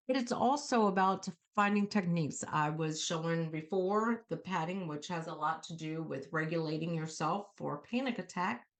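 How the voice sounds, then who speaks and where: A middle-aged woman hosting a self-help talk show, coaching viewers in an animated way and acting out calm self-talk. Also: mid-range voice. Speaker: host.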